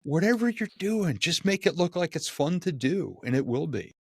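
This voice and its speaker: A man, a keynote speaker, telling lively stories in a podcast conversation and acting out the quotes. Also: a little high, normal speed, slightly rough, dry recording, studio quality. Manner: animated, acts out quotes and jokes.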